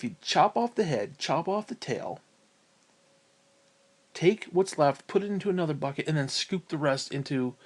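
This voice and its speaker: A gaming vlogger with a slightly high, breathy voice rants casually to the camera, rambling, swearing and working himself up as he goes.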